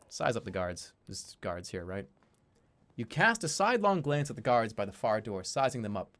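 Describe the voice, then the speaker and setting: A man's voice: fairly low pitch, normal speed. A man streaming a game, reading its text aloud and joking in casual commentary. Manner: animated, jokey and swearing.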